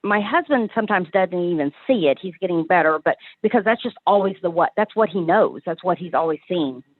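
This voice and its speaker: A woman caller asking for advice, talking in a hesitant, halting way with many restarts. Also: fairly low pitch, animated. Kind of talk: call-in advice conversation. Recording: tinny phone line.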